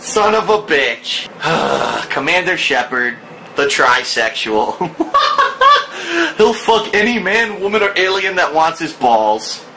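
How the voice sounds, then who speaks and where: A man streaming a video game, shouting in disbelief and laughing loudly as he comments. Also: a little high, wildly swooping pitch, slow, vocal fry, slight background noise, rough recording. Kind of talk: live gameplay commentary.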